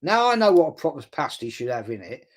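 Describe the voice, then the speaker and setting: Speaking quickly in a slightly high, sing-song voice, an older host reads viewer comments on a casual live chat, rambling bluntly, cursing casually and repeating words to stress them.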